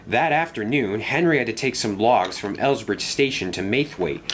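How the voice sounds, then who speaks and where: Male narrator, storybook reading, animated pitch, mid voice. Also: moderate pace, slight background noise.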